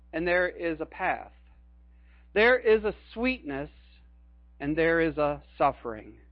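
A man's voice: sits high, no echo, dull audio. A middle-aged man preaching a sermon as a pastor, earnest and emphatic, repeating his key phrases.

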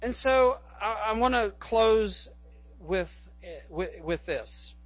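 A man's voice: high-pitched, expressive, slow pace, no room sound. A male pastor preaching a sermon, a rambling storyteller who corrects himself and rises to fervent appeals. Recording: dull lo-fi recording.

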